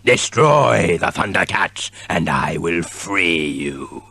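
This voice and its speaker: A man doing a deep, gloating old sorcerer mummy who drawls every threat with cruel relish. He sounds distant and bright-edged, with slow, menacing pacing in a storybook villain style. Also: lively intonation, gravelly, breathy edge, dry recording, full character voice. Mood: gloating menace. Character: cackling ancient evil male sorcerer mummy.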